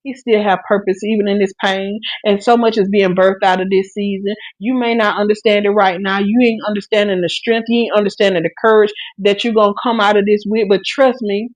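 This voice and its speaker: A woman's voice: mid-range voice, fairly even intonation, fairly quick, few pauses, no room sound, poor audio. A woman hosting a live stream, preaching earnestly about faith and grief, with many restarts. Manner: speaks to listeners directly with encouragement. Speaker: podcast host on a live stream. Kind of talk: preaching testimony.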